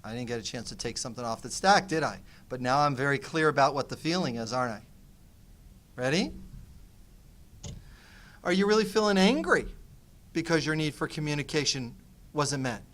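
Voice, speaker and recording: A man's voice: mid-range voice, normal speed, pauses often. A middle-aged man teaching nonviolent communication, telling a personal story on a panel and acting out both sides of a conversation. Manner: animated, acts out dialogue.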